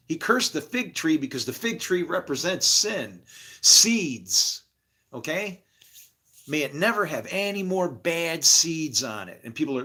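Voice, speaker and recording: Animated man rambling about faith. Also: on the high side, unhurried, husky. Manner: swears freely, acts out imagined dialogue, laughs often. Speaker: spiritual speaker. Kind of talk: rambling casual monologue.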